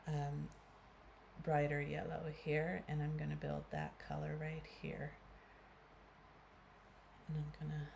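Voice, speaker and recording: A woman's voice: deep voice, creaky, noisy background. A woman in her fifties with a Canadian accent, chatting casually to viewers through a makeup tutorial. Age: 50s. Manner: chatty, addresses viewers as guys, many fillers. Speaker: beauty vlogger.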